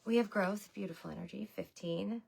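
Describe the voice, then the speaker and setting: A woman's voice: mid-range voice, a little fast, gravelly, darkish tone, breathy edge. A woman giving a loose, chatty tarot reading to her viewers, talking to them as y'all. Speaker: tarot reader. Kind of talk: casual livestream tarot reading.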